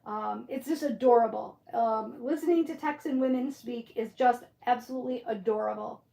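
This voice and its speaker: Chatty high-voiced woman from Michigan. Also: moderate pace, gravelly, dark tone, roomy sound. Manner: chatty, answers viewer comments, muses aloud. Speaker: livestream crafter reading chat. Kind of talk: casual live-stream chat.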